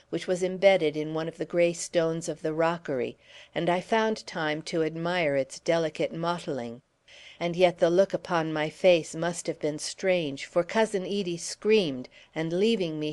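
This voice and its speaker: A woman reading a classic novel aloud in steady first-person narration for an audiobook. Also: lowish voice, smooth. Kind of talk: scripted narration.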